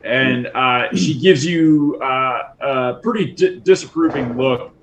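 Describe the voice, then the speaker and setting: A man narrating a tabletop game as game master, halting with frequent restarts and chuckles. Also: medium pitch.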